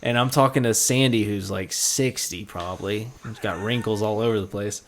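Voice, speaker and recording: A man's voice: on the low side, fairly even intonation, moderate pace. Tipsy twenties guy, rambling, crude podcast storyteller. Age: 20s. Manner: rambling, profane, laughing at his own story. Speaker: podcast co-host. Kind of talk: casual storytelling.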